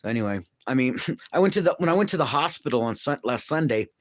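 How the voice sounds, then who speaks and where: A man's voice: medium pitch, big pitch swings, quick pace, dry recording. A man in his late fifties hosting a live stream, talking in a blunt, rambling way and laughing between his stories. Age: late 50s.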